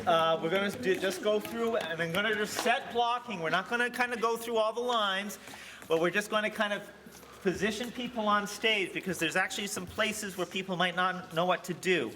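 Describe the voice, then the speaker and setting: A man's voice: high voice, moderate pace. A man directing a school theater rehearsal, coaching the cast in an earnest, lecturing way. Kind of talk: rehearsal instructions. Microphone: distant camera mic. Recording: echoey hall, far off, noisy.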